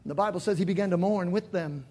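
A male pastor delivering a dramatic sermon in a church, swinging from shouted lines to near whispers. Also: high-pitched, quick pace. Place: church sanctuary.

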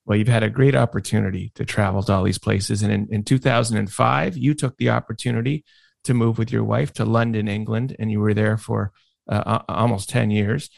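A man's voice: lowish voice, fairly even intonation, brisk, vocal fry, no echo. A man hosting a podcast, asking questions from prepared notes. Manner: reads prepared notes and quotes. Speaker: podcast host. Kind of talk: interview questions.

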